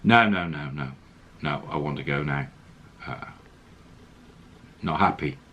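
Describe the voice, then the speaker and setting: A man's voice: a bass voice, a little slow, highs cut off. A man voicing a young woman who insistently demands money in blunt, broken phrases.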